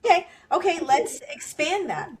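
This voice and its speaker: A woman's voice: very high voice, animated, normal speed. A woman co-hosting a podcast who speaks in an earnest, impassioned way. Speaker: podcast co-host. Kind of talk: podcast discussion.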